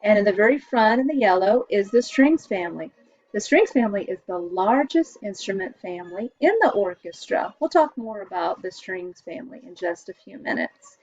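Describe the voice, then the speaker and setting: A woman from the United States, an elementary school music teacher, explaining composers and the orchestra to children in a cheerful, clear way. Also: medium pitch, lively intonation, a little mellow, no echo, muffled recording. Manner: cheerful, explains slowly for kids.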